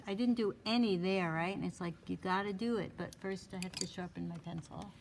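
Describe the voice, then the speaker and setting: A woman's voice: mid-range voice, steady tone, fairly quick, creaky, slight background noise. A woman instructor giving a live drawing demonstration to a small class, thinking aloud as she works and coaxing with short repeated cues.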